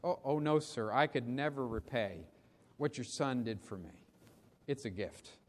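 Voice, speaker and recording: A man's voice: on the high side, lively intonation, normal speed, lightly acted. A man voicing a humble young soldier who speaks hesitantly and earnestly. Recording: long reverb of a big hall.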